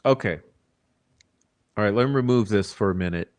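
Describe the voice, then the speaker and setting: Livestream host, male, lowish voice, insistent talker who repeats himself while making his case. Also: fairly quick, darkish tone. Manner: insistent, repeats words while arguing a point. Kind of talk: casual livestream commentary.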